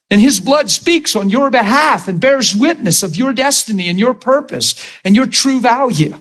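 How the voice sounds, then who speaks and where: A middle-aged male preacher with a high voice delivers a sermon. He tells stories with animation and acts out both sides of the conversations. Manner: animated storytelling, acts out dialogue.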